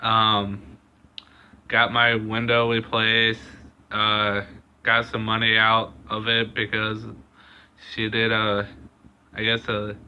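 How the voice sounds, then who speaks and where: A young man vlogging a personal story in a casual, halting way, with lots of pauses and fillers. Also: on the low side, sharp tone, slight background noise. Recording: dull lo-fi recording.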